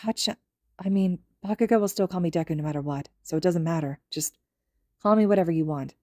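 Woman voicing a weary, deadpan teen boy, low-key. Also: fast talker, dry recording, studio quality, lightly acted. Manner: deadpan, flat.

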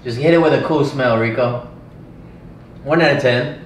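A man chatting on a casual livestream, loud and joking, swearing freely. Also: mid-range voice, moderate pace. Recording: roomy, distant mic, noisy.

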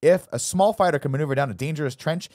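A man hosting a casual podcast, recapping a film quickly and dropping into jokey mock voices for the characters. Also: a little high, darkish tone, no room sound, studio quality. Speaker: podcast host. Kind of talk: casual movie recap chat.

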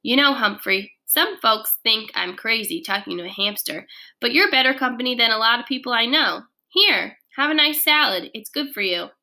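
A woman voicing a cheerful, loud man janitor with a booming, upbeat manner. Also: animated, normal speed, vocal fry, exaggerated voice. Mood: friendly. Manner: booming, upbeat, high-pitched.

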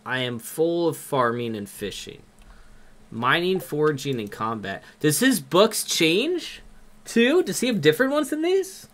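A young man with a Minnesotan accent, commenting on a game live and reading its text aloud in an excitable, jokey way. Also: fairly high pitch, a little slow. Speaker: streamer.

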